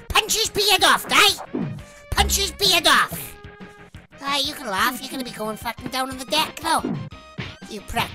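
A high-voiced British woman curses her way through a retro boxing game, her pitch leaping wildly as she cheers and yells. Game music plays loudly behind her. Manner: foul-mouthed, shouting insults at the screen. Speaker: gamer. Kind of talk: let's play commentary.

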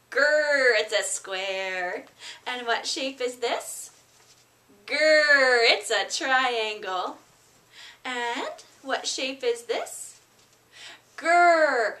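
A woman teaching shapes at preschool circle time, coaxing small children in a slow sing-song. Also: high-pitched, sharp tone.

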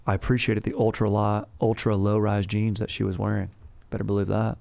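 Gravelly bro-talking man. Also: fairly low pitch, level tone, fairly quick, a little mellow. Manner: bro-speak, calls everyone dude and bro; rambling, boastful salesman banter. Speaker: podcast host. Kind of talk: comedic podcast monologue.

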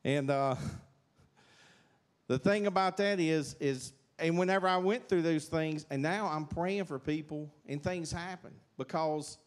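In a church sanctuary, a middle-aged South Carolina man with a Southern accent shares a folksy, rambling testimony. His slightly high voice goes a little slow, and he leans on many fillers and restarts.

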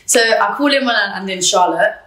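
A woman telling a personal story in an interview, blunt and animated, swearing freely. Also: medium pitch. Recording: roomy, distant mic.

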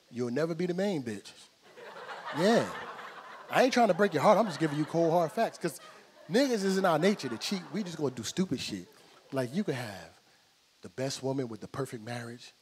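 A middle-aged man doing a stand-up comedy set, telling loud, brash, profane stories on stage. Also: a little high, slight background noise. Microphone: handheld stage mic.

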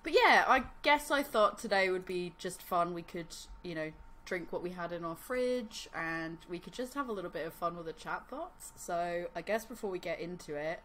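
A woman's voice: fairly low pitch, lively intonation, moderate pace, a bit bright, a little hiss or hum. A woman co-hosting a podcast, chatting casually and laughing, with lots of "like" fillers. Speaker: podcast co-host. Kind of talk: casual chat.

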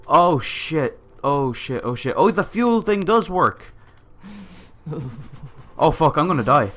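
A man giving let's-play commentary, excitable and swearing often as he reads on-screen text aloud. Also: on the high side, slow, pauses often, faint music behind. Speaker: gamer playing a survival game.

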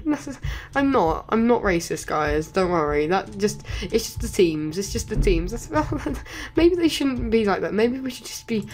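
A woman giving casual, rambling gameplay commentary, excitable and chatty, often jumping up into high squeals. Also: slight background noise. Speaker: gaming YouTuber.

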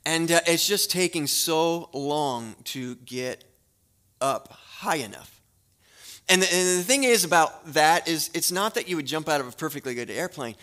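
A man preaching a sermon as a guest pastor in a church, telling a story in a relaxed conversational way with fillers before a prayer. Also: fairly high pitch. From Florida. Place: church sanctuary.

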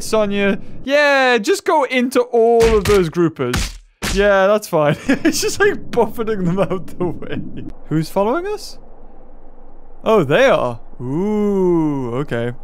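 A man giving excited gameplay commentary, yelping, shouting and laughing at the game as he plays at home. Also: sits high, slow pace, slight background noise. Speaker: gaming video creator. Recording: game music playing behind the voice.

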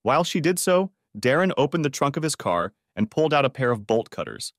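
A man reads a dramatic story aloud with a lively, rising-and-falling delivery. The recording is close and dry, with no room sound. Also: mid-range voice, a little fast, no room sound. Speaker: audiobook narrator. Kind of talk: scripted narration.

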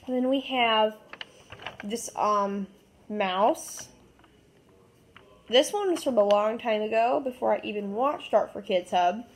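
A woman's voice: on the high side, slow, pauses often, slight background noise. A woman chatting casually as host, showing her drawings in a giggly, rambling way with many fillers. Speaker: channel host.

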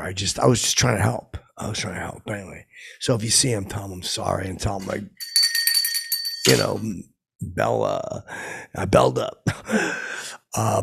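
A man voicing a tired, rambling, washed-up middle-aged pop singer with a gravelly, raspy voice, in an improvised comedy monologue. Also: fairly low pitch, fairly bright tone, slight background noise. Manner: rambling, drifting, mumbled asides. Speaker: comedy character host.

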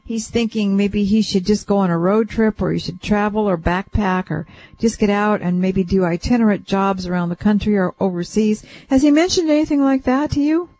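Soothing woman with a mellow voice. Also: medium pitch, normal speed, low-quality recording. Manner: gentle, reassuring, relays what she senses in layers. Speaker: psychic radio host. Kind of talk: soothing call-in reading. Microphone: radio studio mic.

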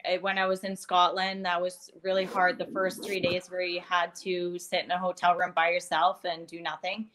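A woman from Canada in her thirties, a guest in a casual interview, talking candidly with many pauses and fillers. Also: fairly low pitch, completely flat delivery, fairly bright tone. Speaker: guest, curler.

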